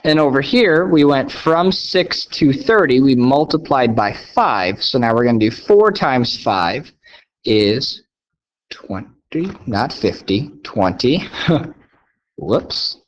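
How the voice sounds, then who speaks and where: A man's voice: mid-range voice, expressive, slow pace. A man teaching a recorded math lesson, upbeat and playfully sarcastic, often checking in with "okay?". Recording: dull lo-fi sound.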